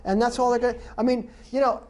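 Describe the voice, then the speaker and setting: A woman's voice: on the high side, fairly even intonation, fast talker, a little mellow. A woman from New York co-hosting a casual podcast, ranting emphatically with heavy swearing and many restarts. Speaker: podcast co-host. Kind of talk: casual chat.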